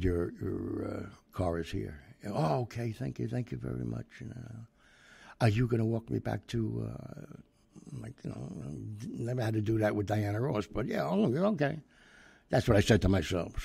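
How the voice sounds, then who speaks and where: An older man casually telling an anecdote in a rambling way, acting out the dialogue with lively voices. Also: on the low side, gravelly, slightly rough, no echo. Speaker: storyteller.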